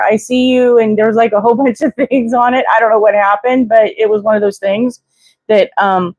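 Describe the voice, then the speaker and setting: A woman chats casually on her livestream, wandering from one thought to the next with plenty of fillers and restarts. Her voice sits at an everyday middle pitch. The sound is close and dry, with no room echo. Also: darkish tone. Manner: chatty, digressive, many fillers and restarts; acts out quoted voices with exclamations. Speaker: livestream host. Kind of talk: casual rambling livestream chat.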